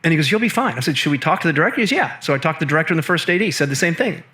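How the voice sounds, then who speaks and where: A man with a slightly high voice tells a long personal story as an interview guest. He slips into the voices of the people he quotes, and his delivery swings between lively and hushed. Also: rapid-fire. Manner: animated, acts out quoted voices. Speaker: guest, film producer and assistant director.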